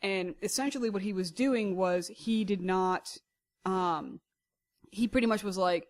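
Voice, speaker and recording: A man co-hosting a relaxed podcast, telling things in a rambling way and pausing to search for words. His voice is notably high for a man. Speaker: podcast co-host. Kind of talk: casual chat.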